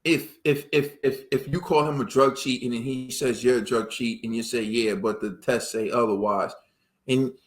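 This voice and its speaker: A man's voice: mid-range voice, fairly even intonation, normal speed. A man hosting a casual boxing podcast, arguing his point with rhetorical questions. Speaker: podcast host.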